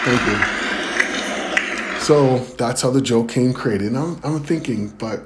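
A man performing a stand-up comedy set, telling a story in an animated way with laughs and quick acted quotes. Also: mid-range voice. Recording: loud crowd and noise behind. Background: crowd laughter and room noise.

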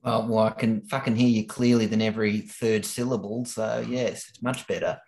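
An Australian man co-hosting a podcast, blunt and sweary, teasing his friends in a deadpan way. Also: fairly low pitch, moderate pace. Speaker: podcast co-host. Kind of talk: casual banter podcast.

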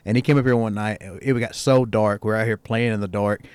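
A man hosting a casual interview, talking fast and rambling in a friendly way. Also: fairly low pitch, steady tone, darkish tone, smooth, dry recording. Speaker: host. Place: outdoor gazebo on a cold evening.

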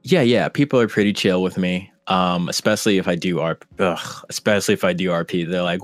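Podcast guest: a low-pitched man, halting and casual, recorded dry. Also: steady tone, no room sound, faint music behind. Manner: hesitant, many fillers and restarts. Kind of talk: casual conversation.

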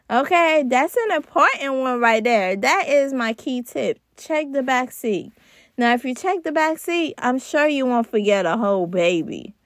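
Brief: unhurried young woman, chatty mom podcaster, y'all to listeners. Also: fairly high pitch, expressive, no room sound, clean studio sound. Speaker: podcast host. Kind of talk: casual chat.

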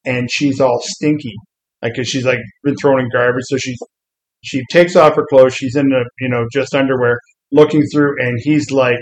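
A man's voice: medium pitch, normal speed, rough recording. A man in a casual comics chat who retells scenes with lots of energy and acts out the quotes. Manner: animated storyteller, acts out quotes.

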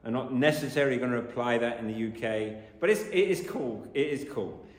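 A man's voice: medium pitch, brisk. A man preaching a sermon as pastor, earnest and emphatic, repeating his key phrases. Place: church. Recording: echoey church hall.

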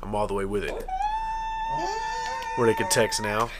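A man's voice: fairly low pitch, huge pitch swings, moderate pace, heavy background noise. A man co-hosting a podcast, casual and crude, teasing his co-host and joking around. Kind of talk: casual banter.

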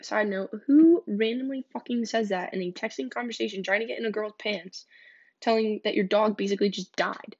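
A woman's voice: mid-range voice, a little fast, a little mellow, husky. A young woman hosting a podcast, telling dating stories in a candid, blunt way and swearing freely. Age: young adult. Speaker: podcast host. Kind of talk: casual storytelling podcast. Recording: dull lo-fi recording.

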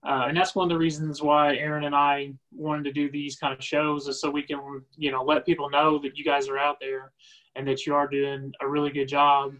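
A man co-hosting an interview, speaking in a steady, supportive way. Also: mid-range voice, rough recording. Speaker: co-host. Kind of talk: podcast interview.

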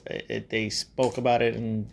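A man's voice: on the low side, flat delivery, normal speed, creaky. A man hosting a podcast in casual chat, rambling and swearing freely between laughs. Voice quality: rambling, profane, laughs often. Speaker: podcast host.

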